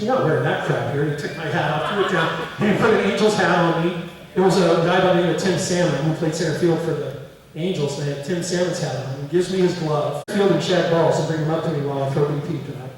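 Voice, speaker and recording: A middle-aged man with a fairly high voice tells lively stories to a museum audience. He is heard from some distance in a big echoing hall with long reverb. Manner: animated anecdotes, acting out quoted voices. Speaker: museum speaker. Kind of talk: storytelling lecture. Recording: echoey hall, distant mic.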